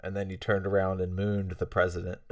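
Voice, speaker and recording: A man's voice: deep voice, completely flat delivery, normal speed, no echo, clean studio sound, far from the mic. A man hosting a casual livestream, chatting with viewers in a rambling, friendly way with many fillers and chuckles. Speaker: livestream host. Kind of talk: casual livestream chat reading out chat messages.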